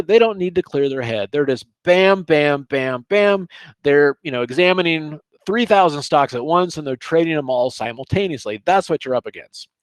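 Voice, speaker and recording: A middle-aged man teaching trading over charts in a casual, animated way, often checking in with "okay?". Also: on the high side, no echo. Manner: animated, chatty, sprinkles "okay?" and asides. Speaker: trading educator.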